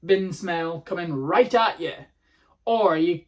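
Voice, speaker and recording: A man, a comedian hosting his own podcast, telling rambling, sweary stories in a casual monologue. He is hoarse from a sore throat. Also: high voice, slow.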